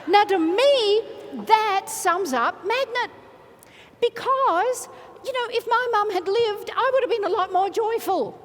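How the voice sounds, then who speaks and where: A woman motivational speaker, giving an energetic, playful keynote in a large conference hall and leading the crowd in chants. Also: very high voice, unhurried, a little hiss or hum. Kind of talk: keynote speech to a large audience. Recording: reverberant hall from a stage mic.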